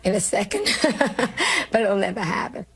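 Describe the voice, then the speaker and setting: An older woman with a New York accent, her voice gravelly and husky. She tells stories about herself in a brash, self-mocking way, with a comic's timing. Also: medium pitch, normal speed. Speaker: comedian. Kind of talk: candid interview storytelling.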